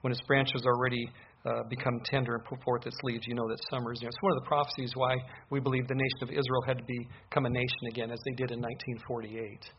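A pastor delivers a verse-by-verse sermon in a mid-pitched male voice. He reads the scripture passages slowly, then explains them with rising emphasis. The recording sounds a little dull, with a faint hiss behind him. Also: flat delivery.

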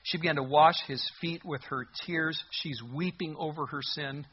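A man preaching a sermon as a pastor, expressive and full of rhetorical questions, on a muffled lo-fi recording. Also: on the high side, moderate pace, breathy edge.

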